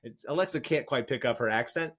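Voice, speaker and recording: A man in his thirties co-hosting a casual podcast, telling animated stories about his young daughter and laughing easily. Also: mid-range voice, quick pace. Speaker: podcast co-host. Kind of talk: casual chat.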